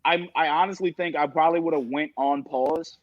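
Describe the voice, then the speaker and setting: Man, podcast guest, swearing and excitable, slightly high voice, muffled dry recording. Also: normal speed, no room sound. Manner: profane, excitable storytelling. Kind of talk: casual podcast chat. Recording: dull lo-fi dry mic.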